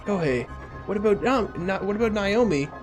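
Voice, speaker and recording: A man's voice: high voice, lively intonation, normal speed, voice pushed up. A man plays a frightened young woman from a video game story, anxious and a little hesitant. He lifts his voice slightly for her. Game music runs behind him.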